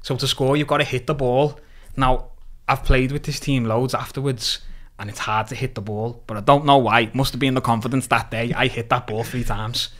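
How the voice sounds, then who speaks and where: A young man with a Liverpool accent telling stories in a casual podcast chat, animated, laughing often and swearing freely. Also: medium pitch, brisk, few pauses. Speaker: podcast guest.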